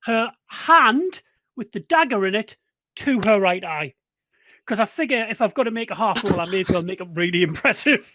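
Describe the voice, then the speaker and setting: A woman's voice: mid-range voice, expressive, normal speed, pushed and bright, no echo. A woman playing a tabletop game, eagerly declaring bold moves. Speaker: player.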